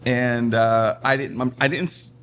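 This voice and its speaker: Middle-aged guy telling stories, lively, laughs a lot, faint hum behind. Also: medium pitch, a little slow. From Pittsburgh, USA. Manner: animated, laughs often, acts out voices in his stories. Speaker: comedian and radio personality guest. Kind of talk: casual storytelling interview.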